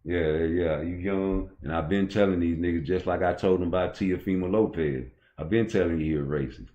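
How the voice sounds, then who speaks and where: A middle-aged man with a very low, deep voice, ranting on his own channel. He is blunt and profane, and his talk runs heated and loose. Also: brisk, muffled recording. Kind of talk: casual opinion rant.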